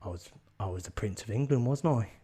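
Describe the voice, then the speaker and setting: A man's voice: lowish voice, brisk, mellow, a little hiss or hum, natural voice. A man doing a cocky ex-prince mechanic. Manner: cocky, swaggering. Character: cocky ex-prince turned mechanic, male adult.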